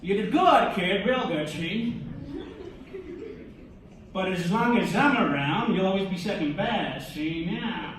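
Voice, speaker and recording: An old-time gangster boss put on by a stand-up comic talks tough in clipped, swaggering slang. The voice is raised and fairly high. The sound is distant, echoey and noisy, like a live club. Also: male voice, expressive, takes it slowly, long pauses. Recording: echoey club room, distant mic, background noise.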